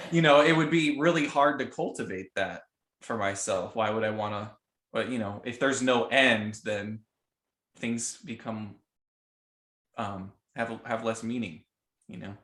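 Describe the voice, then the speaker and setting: A young man talks things through in a relaxed, thoughtful way, leaning on fillers like "you know" and "like". His voice is low and sounds a little roomy and echoey. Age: young adult. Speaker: podcast co-host, son. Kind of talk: casual reflective chat.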